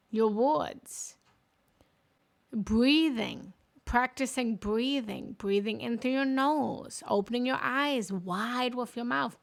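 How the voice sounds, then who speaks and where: A woman's voice: a little high, vocal fry, a bit bright. A woman spiritual coach giving a casual, chatty chakra lesson, often breaking off mid-word and laughing at herself. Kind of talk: casual live teaching on chakras.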